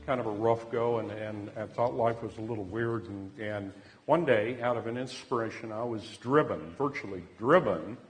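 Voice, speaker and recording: A low-pitched man tells a personal story with earnest feeling. His level swings from loud bursts to soft, hushed lines. A long reverb trails behind his voice. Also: moderate pace, faint music behind. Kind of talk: personal anecdote.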